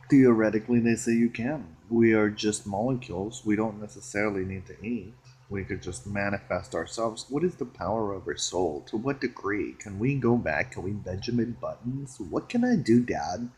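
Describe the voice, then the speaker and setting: Man, low voice, husky, giggly, rambling solo vlog, playful. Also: normal speed. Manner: playful, giggly, drifting between excited and hushed. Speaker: vlogger.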